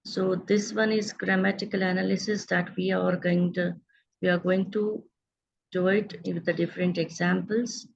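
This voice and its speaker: Gravelly-voiced woman teaching grammar. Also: on the low side, level tone, normal speed, highs cut off, slight background noise. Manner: patient, explanatory, checks in with students. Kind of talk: online grammar lesson.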